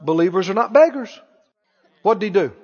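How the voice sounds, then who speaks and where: A man preaching a sermon, animated, asking the congregation questions and acting out scenes. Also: sits high, brisk. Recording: reverberant church hall, dull lo-fi sound.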